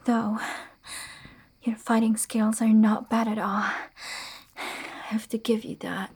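A woman's voice: on the high side, flat delivery, takes it slowly, darkish tone, husky, exaggerated voice. A woman playing a haughty sword-wielding noblewoman, whispered role-play. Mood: indignant. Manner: haughty, demanding. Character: defiant young noblewoman with a sword.

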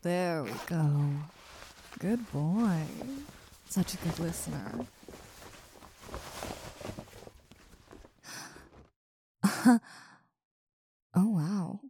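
A woman's voice: lowish voice, expressive, very slow, long pauses, mellow, slight background noise, full character voice. A woman voicing a big, muscular wolf monster girl who stammers, swears and talks bluntly in an audio role-play. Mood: lustful.

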